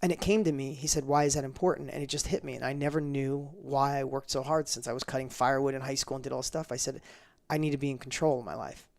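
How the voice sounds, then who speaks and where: A middle-aged man telling a personal story in an interview, fast and emphatic, acting out the dialogue he quotes. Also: medium pitch, steady tone, gravelly.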